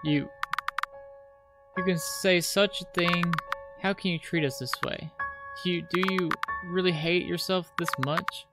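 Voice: medium pitch, steady tone, unhurried, natural voice. A streamer voicing a basement monster that imitates a parent's voice, coaxing and accusing in turn, read aloud from the game. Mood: pleading. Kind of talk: reading game dialogue aloud. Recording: loud piano music behind.

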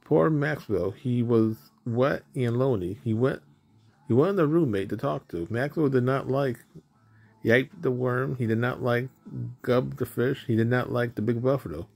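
A man reading a children's picture book aloud in a simple, deliberate way, with small stumbles over words. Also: medium pitch, vocal fry, darkish tone. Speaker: storybook reader. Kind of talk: children's story read aloud.

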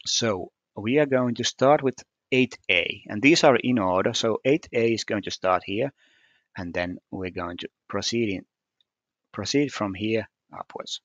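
A man's voice: on the low side, a little slow, no echo, muffled recording. A man walking through a puzzle solution step by step, hesitant and methodical, with frequent fillers. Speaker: puzzle solver explaining solutions. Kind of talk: screen-recorded puzzle walkthrough.

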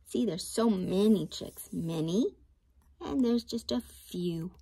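A woman teacher reading a picture book aloud to young children, with a slow, expressive, sing-song storytime delivery. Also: medium pitch, gravelly, husky.

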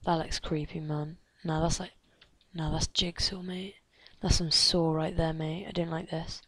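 An excitable woman narrating her game in a slow, unhurried let's play commentary, gasping and chattering at the characters on screen. Her voice sits a little low and sounds dry and close, and she often drops into hushed whispers. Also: slightly rough, no echo. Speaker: gamer.

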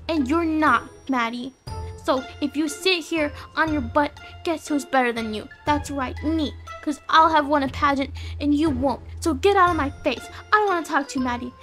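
A woman puts on a snooty, boastful mean girl for a game role-play, her high voice pushed loud and sneering. Soft music plays underneath. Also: normal speed. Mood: furious. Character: bratty mean popular girl, boastful and rude. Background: faint music.

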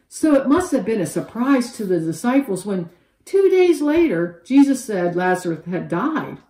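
A woman leads a children's Bible lesson in a mellow, warm voice, acting out each character as she tells the story. The room gives her voice a noticeable echo. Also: mid-range voice. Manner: animated storyteller with expressive quoted voices.

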